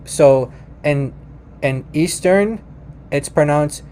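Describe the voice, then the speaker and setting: A man's voice: medium pitch, fairly even intonation, dark tone, a little hiss or hum. A man presenting a lesson in a casual way, restarting his sentences often and talking straight to viewers. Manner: many fillers and restarts, addresses viewers as you guys; repeats words slowly for the listener. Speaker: presenter teaching about Aramaic. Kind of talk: casual explanatory talk to viewers.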